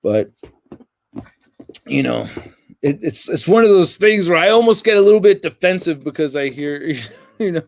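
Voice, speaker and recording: A man's voice: on the high side, lively intonation, normal speed, creaky, long pauses, dry recording. An American man hosting a casual livestream, rambling and reading viewer comments aloud. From United States. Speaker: livestream host.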